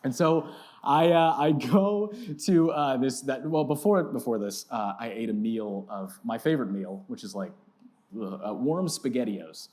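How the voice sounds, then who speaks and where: Animated man telling a sermon story. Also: a little slow. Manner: animated, self-mocking storyteller with big pitch swings. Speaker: pastor. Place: church sanctuary.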